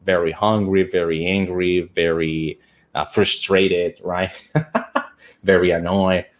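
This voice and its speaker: A man's voice: low voice, level tone, slow. A man hosting a live-streamed English lesson, reading out viewer comments and repeating words as he talks.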